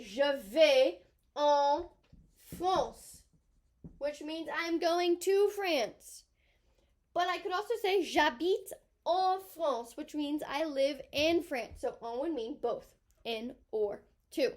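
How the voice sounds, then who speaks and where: A woman's voice: high voice, lively intonation, slow pace, a little mellow. A woman teaching a French grammar lesson, chatting and thinking aloud as she writes on a board.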